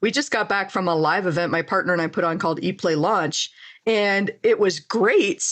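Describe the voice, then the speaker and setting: A woman's voice: fairly low pitch, moderate pace, fairly bright tone. Candid woman podcast host. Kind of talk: casual interview chat.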